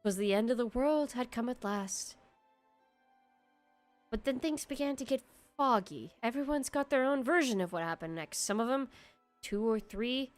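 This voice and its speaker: Girl doing a tavern lady from a game, slow southern drawl, kinda high voice, light music under it. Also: animated, close to an everyday voice. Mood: warm, storytelling. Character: motherly female tavern keeper, guild manager. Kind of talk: reading game dialogue aloud. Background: soft background music.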